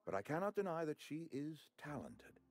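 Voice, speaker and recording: A man's voice: fairly high pitch, very animated, moderate pace. A man voicing a pompous middle-aged outpost administrator in a video game, who talks in a formal, fussy and ingratiating way. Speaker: game character.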